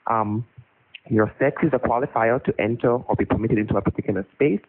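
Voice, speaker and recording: A man arguing bluntly and impatiently in an online debate, often restarting his sentences. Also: medium pitch. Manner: blunt, exasperated, lots of restarts. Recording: tinny phone-like audio.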